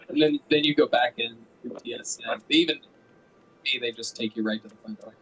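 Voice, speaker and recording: A man's voice: mid-range voice, normal speed, fairly bright tone, slight background noise, poor audio. A man hosting a live comedy show, trading loose, joking banter with a guest comedian.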